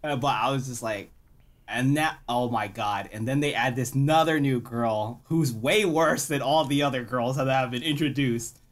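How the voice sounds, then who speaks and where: A young man chatting on a casual podcast, his voice sitting at an ordinary middle pitch. He rants with lots of swearing and breaks into loud, exasperated outbursts when something annoys him. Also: normal speed. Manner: animated, profane ranting with loud exasperated outbursts. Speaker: podcast co-host. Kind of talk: casual chat.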